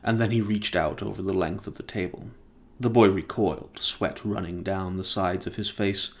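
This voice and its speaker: A man's voice: sits low, steady tone, moderate pace. A man reading a novel aloud in a casual, plain storytelling manner. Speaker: reader.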